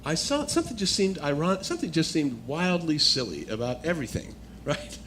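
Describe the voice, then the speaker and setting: A man with a slightly raised voice gives a personal testimony as a guest speaker. He tells it as a story and lets it build to animated excitement, with a faint hiss under the recording. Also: on the high side, fairly quick.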